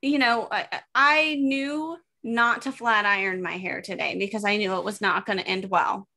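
A woman hosting a podcast, telling animated, self-mocking stories in casual chat. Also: medium pitch, normal speed. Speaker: podcast host.

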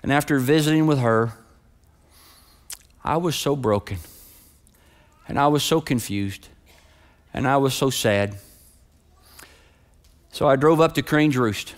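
A middle-aged man preaching a sermon as pastor. He starts with a quiet, subdued personal story and builds to loud, rising preaching. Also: mid-range voice, measured pace, pauses often.

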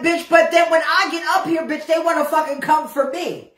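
A woman with a high, slightly bright voice goes on an unscripted livestream rant at a moderate pace. She's brash and profane, repeating phrases again and again, and the audio is reverberant.

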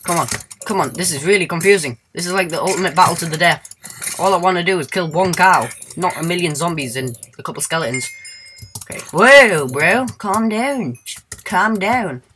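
A man's voice: high voice, animated, normal speed, noisy background. A man giving casual let's-play commentary in a goofy, rambling way, humming and singing to himself and squealing now and then.

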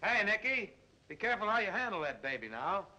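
An actor playing a good-natured young cab driver with a relaxed, teasing, coaxing way of talking. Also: male voice, high voice, a little fast, slight background noise, exaggerated voice. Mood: easygoing. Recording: dull old film soundtrack with music.

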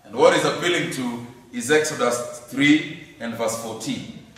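A man's voice: medium pitch, a little slow, fairly bright tone. A man teaching a lesson on scripture, speaking emphatically, repeating key phrases and asking rhetorical questions. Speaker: Bible teacher. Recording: echoey hall from far off.

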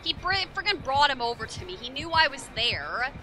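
A woman's voice: high voice, sing-song, brisk. A woman streaming a horror game, casually commenting, irritable and swearing a lot as she talks to herself and her chat. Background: game music.

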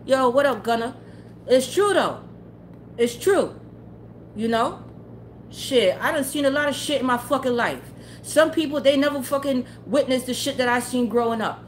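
Talking casually to her chat, this tarot livestreamer is blunt, heated and full of profanity, laughing often. She speaks high and expressively at a normal speed, with slight background noise.

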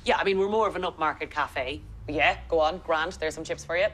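An actress playing a joking Irish woman who works as an English tutor, talking in quick, self-mocking banter. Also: low voice, a bit bright. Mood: wry. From Ireland. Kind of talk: comedy drama acting.

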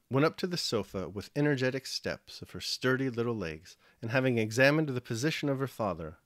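A man reading a classic novel aloud, calm and measured in his narration. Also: mid-range voice, no room sound, studio quality. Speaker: audiobook reader. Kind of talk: scripted literary narration.

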